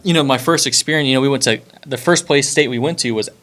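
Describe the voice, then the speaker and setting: A young man from Florida hosting a podcast, talking in a relaxed, rambling way with lots of fillers and restarts. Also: mid-range voice, fast. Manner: rambling, laid-back, many fillers and restarts. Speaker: podcast host. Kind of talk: casual podcast chat.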